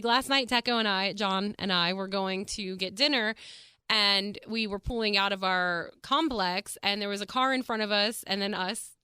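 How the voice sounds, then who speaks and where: Chatty woman with a bright, smooth voice. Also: mid-range voice, no echo, clean studio sound. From Texas. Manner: chatty, animated, swears freely, heavy use of "like". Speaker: podcast host. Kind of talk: casual solo podcast chat.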